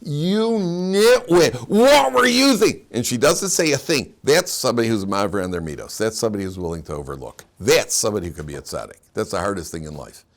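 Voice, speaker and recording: A man's voice: low-pitched, fast talker, few pauses. A man, a rabbi, giving a lecture on the weekly Torah portion, telling homely stories with chuckles and Hebrew terms. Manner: animated, chuckling storyteller, mixes Hebrew terms into English. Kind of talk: lecture with humorous storytelling.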